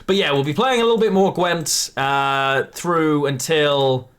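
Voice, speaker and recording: Guy streaming gwent-style card game, bit higher voice, rambly and friendly to chat. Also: measured pace, fairly bright tone, smooth. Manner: chatty, self-correcting, greets viewers. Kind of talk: live game commentary to chat.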